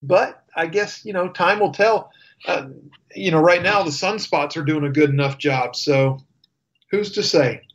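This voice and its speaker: A man's voice: a little high, unhurried, lo-fi sound. A man hosting a radio show, reading news with wry, sarcastic asides and fillers. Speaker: radio host. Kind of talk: casual news commentary.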